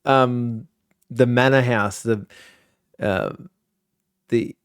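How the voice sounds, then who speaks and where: A man with an average-pitched voice, chatting as a podcast co-host. He rambles, restarts his sentences and jokes along, and the recording is close and dry. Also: fairly even intonation, extremely slow, smooth, no echo. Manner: rambling with many restarts, joking. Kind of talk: casual chat.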